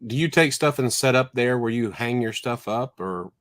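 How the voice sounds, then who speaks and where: A man co-hosting a casual talk show, agreeing and offering advice in a relaxed way. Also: medium pitch, normal speed, no room sound. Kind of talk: casual chat.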